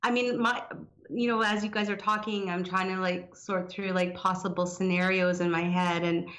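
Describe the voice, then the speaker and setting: A woman's voice: on the low side, flat delivery, moderate pace, a bit bright. A woman guest on a radio panel who talks hesitantly and thinks aloud. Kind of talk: casual panel discussion.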